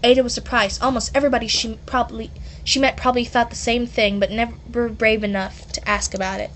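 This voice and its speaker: A woman's voice: fairly high pitch, little pitch movement, brisk, a little hiss or hum. Chatty woman reading her story aloud. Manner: chatty, self-interrupting asides. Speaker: reader of her own story. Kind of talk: casual storybook read-aloud with asides.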